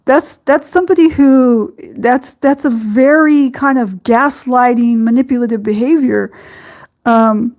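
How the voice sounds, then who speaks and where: Slow, halting woman podcast host. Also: on the high side, a little mellow. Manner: slow, halting, many ums and you-knows. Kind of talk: reflective spiritual talk.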